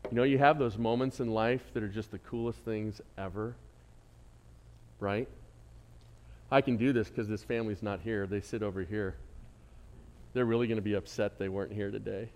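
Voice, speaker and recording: A man's voice: lowish voice, fairly even intonation, normal speed, pauses often, a little mellow. A man preaching a Sunday sermon as pastor, telling a personal story with asides to the congregation. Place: church sanctuary.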